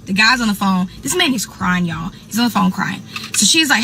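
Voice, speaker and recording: A young woman tells a casual storytime, animated, calling her listeners y'all and acting out what others said. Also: medium pitch, fairly quick, slight background noise, rough recording. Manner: animated, addresses listeners as y'all, acts out quoted people. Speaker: host.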